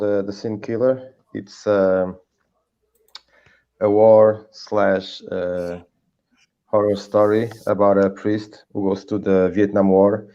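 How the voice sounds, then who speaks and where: A man chatting as a guest comic creator over a video call, halting with many fillers and restarts. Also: on the low side, clear, resonant tone, highs cut off. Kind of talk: casual video call chat. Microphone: video call headset.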